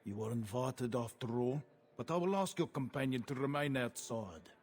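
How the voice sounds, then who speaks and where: A man's voice: medium pitch, expressive, moderate pace, darkish tone, natural voice. An actor with a South African accent playing a cool, condescending male arms smuggler who hosts a party. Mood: suave. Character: smooth, menacing male arms smuggler villain host.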